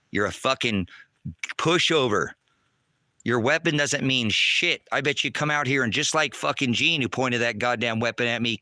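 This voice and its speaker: A man ranting angrily on a livestream from outdoors at a rural homestead, taunting and cursing, often shouting. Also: medium pitch, no echo, clean studio sound. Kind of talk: angry livestream rant.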